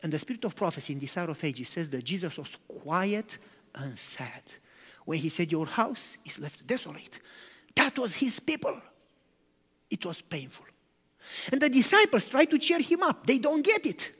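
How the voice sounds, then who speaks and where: A man preaching a sermon, animated, swinging between loud emphatic lines and hushed, quiet ones. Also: high voice, normal speed, slightly rough. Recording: long hall reverb.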